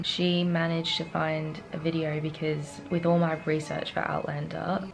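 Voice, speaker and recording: A young Australian woman vlogging while she travels, chatting in a rambling, excitable way into a handheld camera. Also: low-pitched, vocal fry, a little hiss or hum. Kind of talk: casual travel vlog. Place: hotel room, then outdoors on streets.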